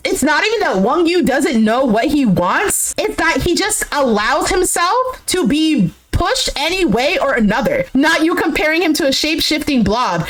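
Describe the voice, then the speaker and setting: A woman giving a casual, opinionated recap of a reality show, animated and exasperated, with lots of "like". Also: high voice, low-quality recording. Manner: animated, exasperated commentary with frequent "like".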